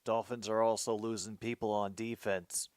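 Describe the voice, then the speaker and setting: A man's voice: lowish voice, level tone, moderate pace, no room sound, clean studio sound. A man hosting his own show, reacting casually to a football game as he watches, muttering to himself.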